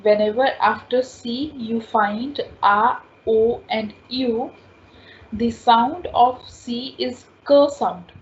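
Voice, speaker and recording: A woman teaching French in an online class, slowly repeating sounds and explaining rules step by step. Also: on the high side, fairly even intonation. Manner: slow, repetitive, spells out sounds patiently. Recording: dull lo-fi class recording with faint noise.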